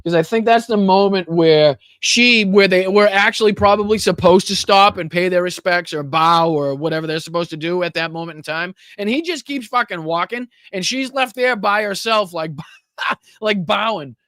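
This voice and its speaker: A man talks through a political podcast in a loose, mocking way, cursing freely and laughing between remarks. His voice sits fairly high for a man. The sound is dry and close, with no room in it. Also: moderate pace, a bit bright, clean tone, no room sound. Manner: mocking, profane, laughs often. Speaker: podcast host. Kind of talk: casual political commentary.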